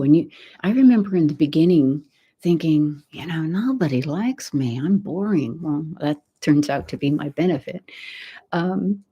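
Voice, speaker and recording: Woman, Texan accent, ASMR host, soft half-whisper, husky, low-pitched. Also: lively intonation, normal speed. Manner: soft-spoken, drifts between whisper and voice. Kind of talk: live stream chat, half whispered.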